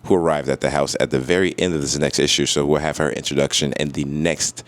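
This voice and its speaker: A man casually reviewing his weekly comic picks, excited and slangy, with many asides. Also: a bass voice, fast talker, no echo.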